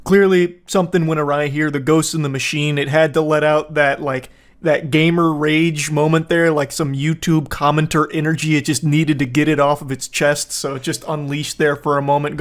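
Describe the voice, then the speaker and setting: A man's voice: fairly high pitch, little pitch movement, moderate pace. A young man giving casual commentary as a video host, sarcastic and profane with jokey asides.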